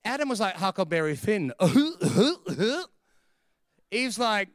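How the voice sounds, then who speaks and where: A man preaching a sermon as a pastor, animated and storytelling, acting out the voices of the people in his stories. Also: sits high, moderate pace, clear, resonant tone, dry recording.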